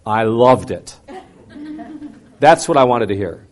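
Middle-aged man, personal testimony, dramatic storytelling, loud outbursts, hushed reflective moments. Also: mid-range voice, wildly swooping pitch, slow pace. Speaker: speaker sharing a personal testimony.

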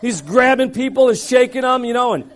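High-voiced guy telling a big dramatic story at a sermon, acts it all out. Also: lively intonation, brisk. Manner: dramatic, acts out scenes, frequent asides. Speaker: speaker telling a personal story.

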